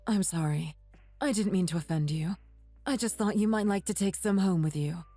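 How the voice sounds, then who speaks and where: Woman reading as a soft-spoken apologetic old mom, synthetic plain voice, mid pitch, music low behind. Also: moderate pace, no room sound, lightly acted. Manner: gentle, apologetic. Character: meek, apologetic older mother.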